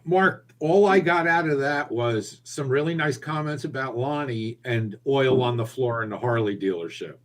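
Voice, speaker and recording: A man's voice: mid-range voice, moderate pace, hardly any pauses, a little hiss or hum. A man hosting a casual interview, asking questions and teasing his guest. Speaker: host.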